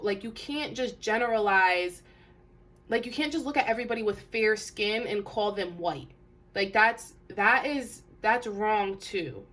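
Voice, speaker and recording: A woman's voice: mid-range voice, fairly bright tone. A woman doing a casual tarot reading to camera, talking earnestly with many restarts and fillers. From Detroit area.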